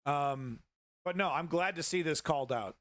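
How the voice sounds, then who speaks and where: A man's voice: fairly high pitch, moderate pace, fairly bright tone, no room sound. A man hosting a livestream news show, giving casual political commentary in a rambling, profane way, with many restarts.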